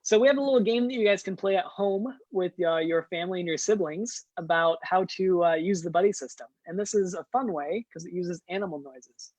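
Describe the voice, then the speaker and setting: A man's voice: high-pitched, brisk, hardly any pauses, a little mellow, dry recording, poor audio. Man leading a kids' scouting lesson, dry sound. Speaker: scout den leader hosting an online meeting. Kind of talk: instructional den meeting for young kids.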